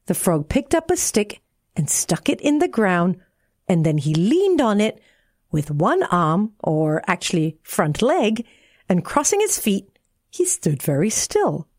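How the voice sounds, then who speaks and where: A woman radio presenter narrating a children's story in a slow, gentle, expressive reading. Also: mid-range voice, dry recording, clean studio sound.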